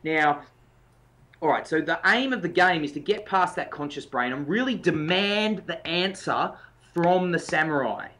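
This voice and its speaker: Man, podcast co-host, life coach, emphatic, pushy coaching tone, slightly high voice. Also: animated, measured pace, pushed and bright. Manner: emphatic, coaching, demonstrates intensity. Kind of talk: motivational podcast chat.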